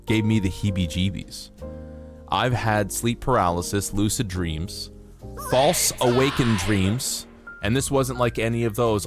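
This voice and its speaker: A man's voice: on the low side, measured pace, soft background music. A man chatting casually on a livestream, reading out stories and joking around, laughing at himself and swearing freely.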